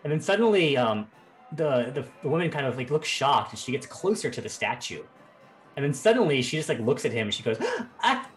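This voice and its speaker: A man running a tabletop game as game master, narrating in an animated, rambling way with lots of fillers. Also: medium pitch, brisk, faint music behind.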